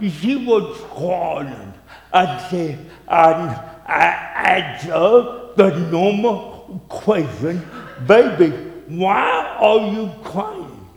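High-voiced preacher guy telling a story real slow, loud then hushed, big echoey hall. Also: creaky. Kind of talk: storytelling sermon.

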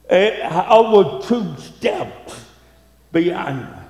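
Slow-talking preacher man in echoey hall. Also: high-pitched, expressive. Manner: slow, dramatic, swings from loud to hushed. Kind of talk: storytelling sermon.

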